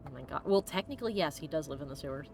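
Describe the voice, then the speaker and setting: A woman's voice: low voice, expressive, very fast, vocal fry, darkish tone. A woman playing a video game for a let's play, chatting casually, giggling and exclaiming often. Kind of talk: casual gameplay chat.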